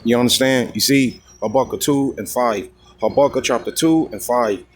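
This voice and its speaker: A man in the middle pitch range, preaching scripture in a confrontational, profane street style. He reads verses slowly and deliberately, then breaks off to ask his listeners whether they follow. A faint hiss of background noise sits under his voice. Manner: constantly repeats "you see?" and "you know what I mean?"; coarse, heated, confrontational.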